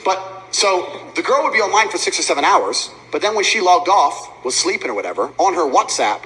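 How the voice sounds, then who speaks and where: A man's voice: high voice, big pitch swings, a little fast, bright, forceful tone, breathy edge, rough recording. A man telling a profane, boastful story as a podcast guest. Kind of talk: casual podcast chat.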